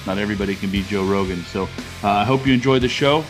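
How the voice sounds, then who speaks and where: A man's voice: fairly low pitch, fast talker, music in the background. Rambling male podcast host at home. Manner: rambling, talks in loose restarts. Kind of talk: casual podcast chat. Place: living room at home.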